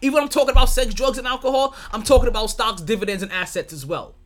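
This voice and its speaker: A man's voice: very high voice, fast talker, a bit bright. A man hosting a sports podcast, chatting loosely with his co-hosts, laughing often and swearing freely. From New York. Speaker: podcast host. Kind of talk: casual podcast chat.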